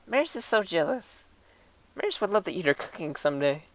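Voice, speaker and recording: A woman's voice: fairly low pitch, big pitch swings, brisk, no echo. A woman voicing a cheerful, mysterious young girl who refers to herself by her own name instead of saying I. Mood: earnest. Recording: dull lo-fi.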